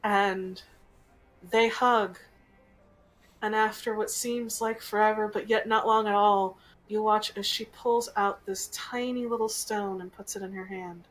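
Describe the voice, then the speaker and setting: A woman game master narrating a tabletop game in a slow, gentle storytelling manner. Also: medium pitch, steady tone, poor audio.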